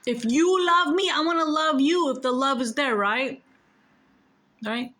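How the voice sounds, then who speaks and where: A woman with a New York accent and a bright, ringing voice that sits a little high for a woman. She talks straight to her viewers in a casual, emphatic way. She repeats her points, swears without holding back and keeps everything blunt. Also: a little slow. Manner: emphatic, blunt, curses freely. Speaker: spiritual storyteller. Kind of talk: casual spiritual storytelling to viewers.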